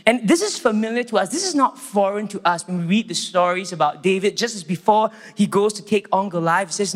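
A Singaporean man with a Singaporean English accent giving a church sermon. He opens with a prayer and then tells animated stories. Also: high voice, fairly quick, few pauses. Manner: animated storytelling, acts out quotes. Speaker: church staff preacher. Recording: long hall reverb.

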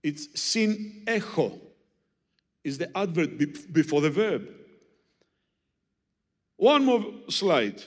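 Male preacher, high lively voice, slow delivery, long hall echo. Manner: animated, teasing, with audience demonstrations. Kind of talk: sermon with Greek word study.

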